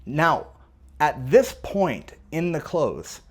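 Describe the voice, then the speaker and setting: A man with a slightly high voice giving a sales coaching talk. He speaks conversationally and acts out both sides of a sales call as he goes. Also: big pitch swings, very slow. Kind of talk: coaching monologue on sales technique.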